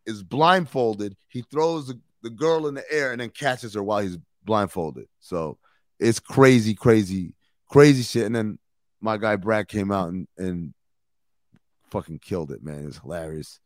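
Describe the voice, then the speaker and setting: Animated slangy male podcast host. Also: lowish voice, measured pace, no room sound, studio quality. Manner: animated storytelling, swearing and slang. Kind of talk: casual chat.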